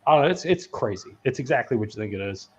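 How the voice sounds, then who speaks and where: A man with a medium-pitched, slightly mellow voice talks fast with lively intonation, and there's a bit of hiss or hum. He's a podcast host rambling casually and profanely about movies, laughing a lot and full of fillers and restarts. The lo-fi recording sounds dull.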